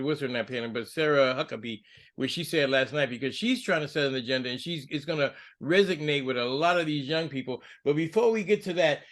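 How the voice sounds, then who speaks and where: A man co-hosting a political podcast, talking casually and getting heated. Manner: heated, rising pitch when angry. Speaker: podcast co-host.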